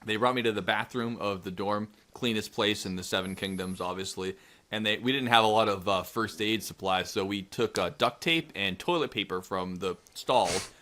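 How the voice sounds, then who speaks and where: This podcast co-host, a man in his twenties, spins a meandering, profane tale and acts out the dialogue in a casual storytelling chat. He talks at normal speed in a fairly low-pitched voice with a sharp tone.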